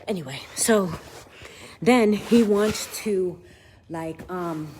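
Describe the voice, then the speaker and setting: Blunt woman in her 50s venting live to her phone, pretty low voice, bit of hiss behind. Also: takes it slowly, long pauses, a little mellow. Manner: blunt, profane, venting to viewers. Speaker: vlogger. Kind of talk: live house-tour vlog. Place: large house indoors. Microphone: handheld phone.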